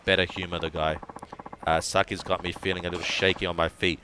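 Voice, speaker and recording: A man reading aloud as a calm, reasonable, slightly tipsy man in a video game. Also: low-pitched, a little fast, background noise, close to an everyday voice. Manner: level, wry and reasonable.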